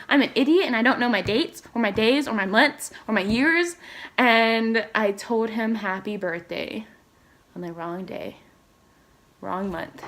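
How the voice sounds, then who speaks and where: A young adult woman telling personal stories in a casual vlog, animated and rambling, full of "like" fillers and sudden jumps in pitch. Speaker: K-pop fan vlogger.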